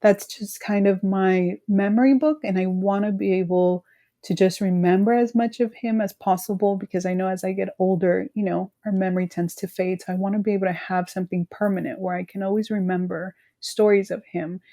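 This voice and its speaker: A woman in her thirties from California, speaking haltingly about her grief as a guest, full of "you know" fillers. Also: mid-range voice, fairly even intonation, mellow. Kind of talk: emotional personal conversation.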